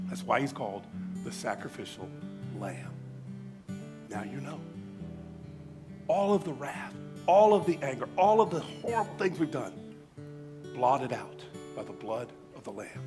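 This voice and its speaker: A man preaching a sermon, telling a story earnestly and then leading a hushed, reverent prayer. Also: medium pitch, animated, moderate pace, pauses often. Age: adult, old enough to have grown up past second grade. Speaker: pastor. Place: church service. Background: soft guitar music.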